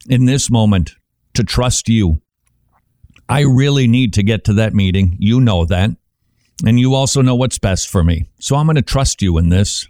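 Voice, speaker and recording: A man's voice: dry recording, studio quality. A man preaching a sermon in a conversational, emphatic way, asking rhetorical questions and acting out examples. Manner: animated, emphatic, shifts pace and pitch for effect.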